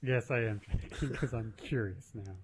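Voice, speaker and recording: A man's voice: lowish voice, moderate pace, husky. A married man co-hosting a podcast, chatting and asking curious questions about a TV episode. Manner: chatty, curious, often laughs. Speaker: podcast co-host. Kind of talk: casual chat recapping a TV episode.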